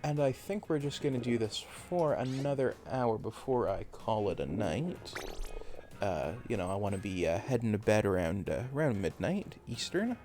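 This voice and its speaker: A man's voice: on the low side, expressive, normal speed, warm tone, faint music behind. A Canadian man chatting casually on a live game stream, rambling and hesitant with many fillers.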